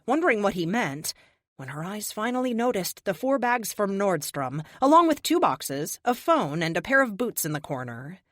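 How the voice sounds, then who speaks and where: A woman narrating an audiobook with steady, expressive storytelling. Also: on the low side, dry recording, clean studio sound. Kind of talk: scripted narration.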